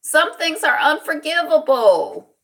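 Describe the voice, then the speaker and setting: A woman's voice: sits high, sing-song, slow, vocal fry, fairly bright tone. A woman hosting a casual solo commentary show, talking in a rambling, reflective way with many fillers and greeting viewers by name. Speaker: show host.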